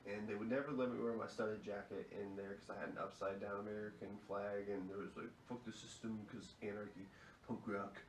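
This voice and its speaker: A man's voice: fairly low pitch, flat delivery, brisk, a little hiss or hum. A young man hosting a podcast, telling rowdy stories in a profane, chuckling way. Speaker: fill-in podcast host. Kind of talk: casual storytelling. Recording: echoey room.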